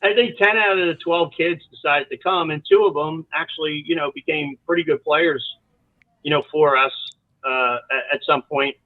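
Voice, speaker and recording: Here a podcast guest who coaches college soccer rambles through long stories, lively and full of tangents. His pitch is fairly high, his speed normal, and there's no room sound, though the line comes across tinny, like a phone.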